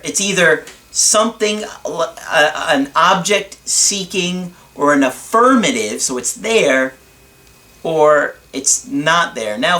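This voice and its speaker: A man's voice: on the high side, a bit bright. A man giving a casual motivational talk, earnest and emphatic, speaking directly to his listeners.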